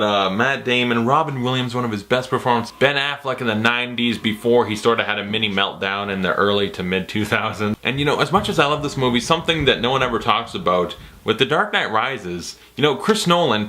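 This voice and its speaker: A man's voice: medium pitch, lively intonation, fairly quick, hardly any pauses, bright, forceful tone. A young man talking casually and enthusiastically about his new purchases, rambling and breaking into playful put-on quotes. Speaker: vlogger. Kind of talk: casual chat.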